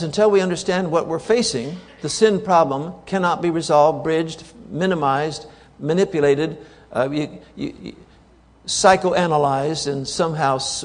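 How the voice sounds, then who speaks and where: A man's voice: on the high side, unhurried, long reverb tail. A man preaching a sermon to a congregation, emphatic, repeating key words and asking the audience rhetorical questions.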